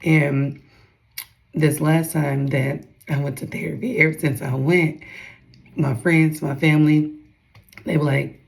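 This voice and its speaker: A woman's voice: low voice, little pitch movement, a little slow, vocal fry, long pauses, low-quality recording. A young woman giving a casual devotional talk to her followers, chatty and calling out to her viewers, acting out others' voices as she retells talks. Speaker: faith vlogger.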